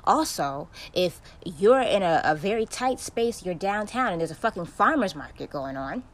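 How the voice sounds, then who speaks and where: In a casual solo rant on her podcast, a young woman tells heated stories bluntly and with plenty of swearing. Her voice is on the low side and sing-song, at a normal speed.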